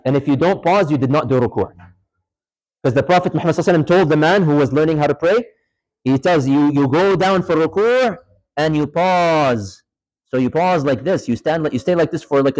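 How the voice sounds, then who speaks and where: A man's voice: a little high, darkish tone, rough recording. A man teaching an interactive religious studies class in a mosque, quizzing students and repeating key points for emphasis. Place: mosque lecture hall.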